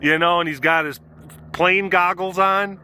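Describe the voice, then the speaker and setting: A man's voice: sits high, steady tone, a little slow, bright, forceful tone, clear, resonant tone. A man hosting a casual vlog at an outdoor animal compound, chatting playfully and cooing baby talk at the cats. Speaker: host.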